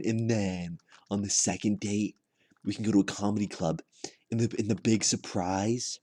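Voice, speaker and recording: A man doing a rambling deadpan comedy monologue, halting and repeating his words with lots of fillers. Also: low voice. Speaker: comedy vlogger.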